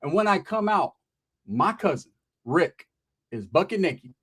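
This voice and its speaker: His voice is high-pitched and husky, his pace a little slow, as he relates a humorous tale loaded with profanity and slang, acting out the quoted voices with animation.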